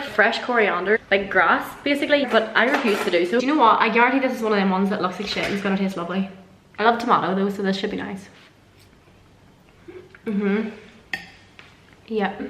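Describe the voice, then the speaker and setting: A young Irish woman vlogging casually while she cooks at home, talking in a chatty, self-mocking way and swearing freely. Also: mid-range voice. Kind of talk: casual cooking vlog chat. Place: home kitchen. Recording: echoey kitchen with background noise.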